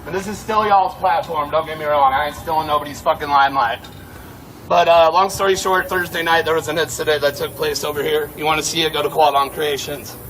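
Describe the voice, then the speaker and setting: At night on a street, a man serving as protest security delivers a heated, profane rallying speech to a crowd. His voice sits on the high side, slightly bright, steady in tone and a little fast. A distant mic picks him up along with street noise.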